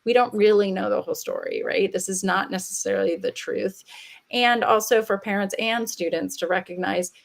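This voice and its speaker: A woman's voice: mid-range voice, fairly even intonation, moderate pace, creaky. A woman speaking on a webinar panel in a chatty way, often repeating words and acting out quoted dialogue. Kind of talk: casual webinar discussion.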